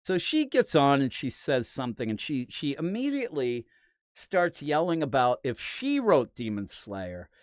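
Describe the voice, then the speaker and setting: Animated, profane comics podcast host. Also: medium pitch, normal speed, no echo, clean studio sound. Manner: rambling, animated, profane storytelling. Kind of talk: casual chat.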